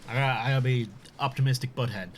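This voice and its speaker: A man's voice: mid-range voice, steady tone, very fast, a little hiss or hum. A man chatting casually on a live stream, talking with his mouth full and laughing often.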